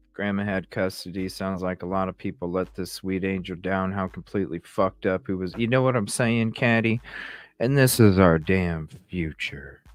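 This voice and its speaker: A man's voice: low-pitched, no echo. A man hosting a podcast, reading text messages aloud and reacting with profane, incredulous commentary. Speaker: podcast host.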